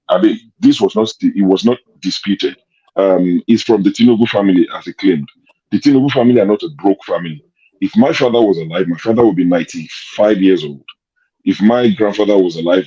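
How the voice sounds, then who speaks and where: A man's voice: low voice, brisk, mellow, husky, lo-fi sound. A Nigerian man hosting an online discussion, arguing his case with pointed rhetorical questions. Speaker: host.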